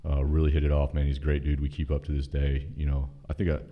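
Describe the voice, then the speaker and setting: A man's voice: extremely low pitch, fast talker, phone-quality sound. A man from North Carolina, a podcast guest, telling stories casually with plenty of profanity and acted-out dialogue. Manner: profane, animated, quotes dialogue in his story. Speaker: podcast guest, former Army officer. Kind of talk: casual storytelling.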